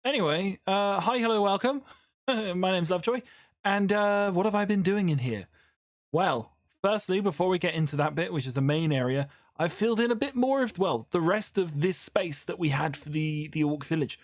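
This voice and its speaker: A gaming YouTuber chats casually while building in Minecraft, rambling and often cutting himself off mid-thought. The mid-range voice is expressive at a normal speed, recorded at studio quality with no room sound.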